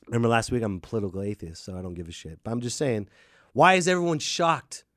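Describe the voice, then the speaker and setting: A man hosting a solo podcast, ranting in an animated, jokey way. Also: medium pitch, quick pace, dry recording, studio quality. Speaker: podcast host. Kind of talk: casual solo podcast rant.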